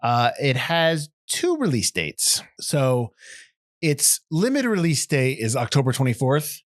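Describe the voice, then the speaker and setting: American male host, rambling and self-correcting, lively pitch. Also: unhurried, no echo, studio quality. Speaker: podcast host. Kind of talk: casual chat.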